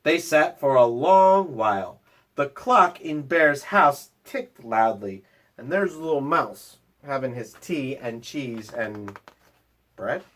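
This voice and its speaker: Male librarian reading a picture book aloud, slow, animated, teacherly. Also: mid-range voice. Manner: animated, playful storyteller. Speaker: school librarian. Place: at home.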